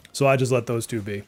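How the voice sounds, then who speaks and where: Man, mid-pitched voice, mild Massachusetts accent, slight speech impediment, rambling live-stream game chatter, faint background music. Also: darkish tone. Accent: mild Massachusetts, slipping through on some words. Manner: chatty and rambling, many "like" fillers, reacts aloud to the game. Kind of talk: casual live-stream gameplay commentary.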